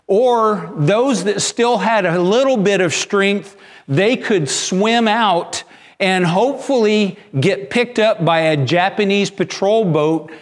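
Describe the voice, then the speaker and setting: A pastor delivers a sermon in an unhurried, measured way, often stumbling and repeating words as he tells his story. His voice is a man's, sitting noticeably high for a man.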